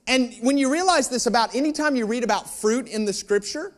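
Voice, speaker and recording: His voice is very high and fairly quick as he preaches. He jokes his way through a personal story, playing out each line of dialogue with animation and turning to the audience with questions.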